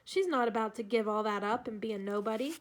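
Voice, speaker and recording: A woman doing a scared little girl who keeps apologizing, her voice high and light and a touch raised. The girl sounds tearful and pleading, the voice of a children's story read aloud. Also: quick pace, slight background noise, close to an everyday voice. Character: timid frightened young white girl.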